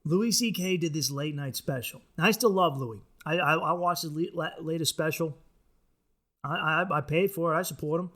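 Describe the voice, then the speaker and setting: Male comic hosting a podcast, high-ish voice, swearing, ranty solo monologue. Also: moderate pace. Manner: profane, ranting, animated. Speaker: comedian and podcast host.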